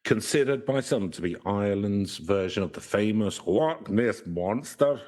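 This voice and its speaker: A man co-hosts a casual podcast in a fairly low voice. He reads folklore notes aloud, breaking off into jokes and halting restarts. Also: expressive, a little mellow. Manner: joking, with halting restarts around the script. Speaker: podcast co-host.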